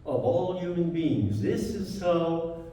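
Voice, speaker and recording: A man's voice: a little high, expressive, slow pace, dark tone. A man with a French accent, a native French speaker, giving a spiritual talk in a church and reading quotes aloud with feeling. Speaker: guest speaker. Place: large church hall. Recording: echoey hall, speaker far from mic.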